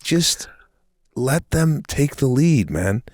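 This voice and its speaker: A man's voice: medium pitch, sing-song, slow, dry recording, studio quality. A man co-hosting a podcast, chatting casually and emphatically, acting out quotes with gusto. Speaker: podcast co-host. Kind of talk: casual chat.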